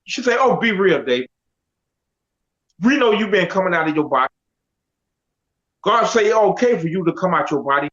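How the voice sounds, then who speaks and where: A middle-aged man telling his life story in a casual, animated way, acting out what others said. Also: high voice, normal speed, pauses often. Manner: animated, quotes others in dialogue. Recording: dull lo-fi audio.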